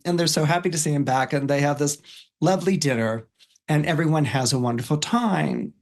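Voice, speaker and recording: Chatty man retelling a story, higher voice. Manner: chatty, many fillers like "you know" and "like". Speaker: astrologer guest. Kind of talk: casual storytelling retelling a film.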